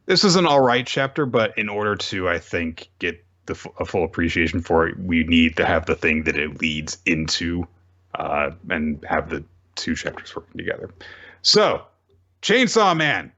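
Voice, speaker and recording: A man co-hosting a casual manga recap podcast, telling the story with lively retellings of the characters' lines. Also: deep voice, normal speed, lo-fi sound. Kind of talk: casual chapter recap chat.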